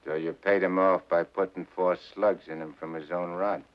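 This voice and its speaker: A middle-aged actor playing a tough gangster back from the dead, talking in slangy, sardonic menace in 1940s film style. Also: male voice, sits low, level tone, moderate pace, lightly acted. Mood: needling. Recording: muffled 1940s film soundtrack with score.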